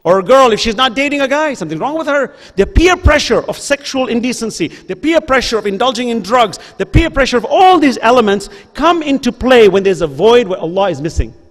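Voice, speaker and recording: A man's voice: extremely high pitch, very animated, fairly quick, few pauses. A man giving an impassioned religious lecture to an audience in a school hall. He uses earnest, repeated rhetorical questions and appeals. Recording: reverberant hall.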